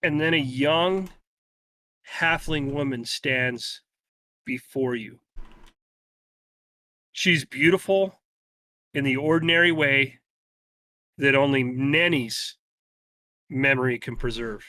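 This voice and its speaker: A man running a tabletop game, narrating a vision in slow, deliberate, dramatic storytelling. His voice sits a little high and sounds bright, recorded dry and close. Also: dry recording. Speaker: game master.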